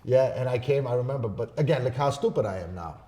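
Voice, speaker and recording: A man on a podcast telling a story in a casual, profane way, swinging between loud bursts and hushed asides. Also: mid-range voice, expressive, quick pace. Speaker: podcast guest.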